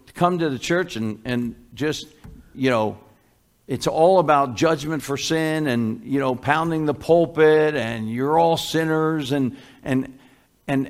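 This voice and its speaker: A male pastor delivers a sermon in a relaxed, conversational way, stumbling over restarts and fillers. His voice sits a little high for a man. He takes his time, speaking slowly. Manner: slow, conversational preaching with many fillers and restarts.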